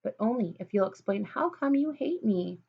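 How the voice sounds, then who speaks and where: A calm, unbothered schoolboy from a storybook, answering plainly and politely, as a woman reading aloud puts him on. Higher voice, dull lo-fi sound. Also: normal speed, creaky, slightly rough, full character voice.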